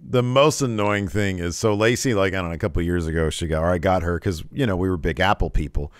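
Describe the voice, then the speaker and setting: Low-voiced laughing man in casual chat. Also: quick pace, no room sound. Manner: laughs often, animated and joking. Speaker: podcast co-host. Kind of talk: casual wrestling recap chat.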